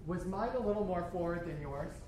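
Male choir director, lively workshop teacher who sings examples; noisy live recording. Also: high-pitched, brisk. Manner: animated, demonstrates by singing phrases.

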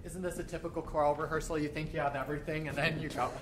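Male choir director, lively workshop teacher who sings examples; noisy live recording. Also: on the high side, rapid-fire, hardly any pauses. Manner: animated, demonstrates by singing phrases.

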